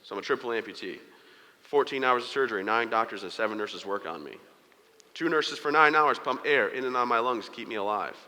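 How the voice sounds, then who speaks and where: A man's voice: on the low side, sharp tone. A man giving a candid, joking motivational talk, telling his own story to an audience in a large event hall. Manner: candid, joking, acts out quoted dialogue. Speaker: motivational speaker. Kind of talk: personal storytelling speech to an audience. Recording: hall reverb.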